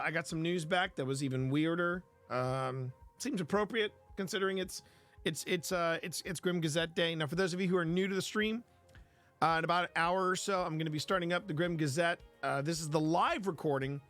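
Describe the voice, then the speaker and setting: A man's voice: on the high side, a bit bright. Rambling man hosting a live stream. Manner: rambling, repeats himself, greets chat by name. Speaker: livestream host. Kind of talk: casual live stream chat.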